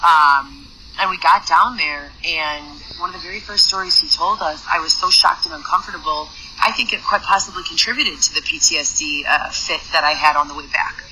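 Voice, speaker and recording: Bright-voiced woman telling a rambling story. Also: sits low, a little fast, a little hiss or hum, poor audio. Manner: chatty, rambling, frequent fillers and restarts. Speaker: podcast host. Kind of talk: casual storytelling monologue.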